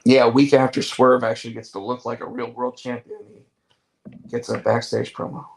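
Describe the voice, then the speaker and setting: A man with a voice of ordinary pitch co-hosts a relaxed wrestling talk show. He speaks his mind with a dry, joking edge and answers his co-host in a loose, conversational way. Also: fairly quick, vocal fry, poor audio. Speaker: podcast co-host. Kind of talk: casual wrestling chat.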